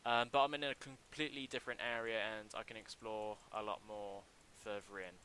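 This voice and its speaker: Bright-voiced young man streaming, halting. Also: on the low side, flat delivery, a little hiss or hum, low-quality recording. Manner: halting, many ums and restarts, chatty. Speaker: livestreamer building a game mod. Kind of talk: casual livestream commentary.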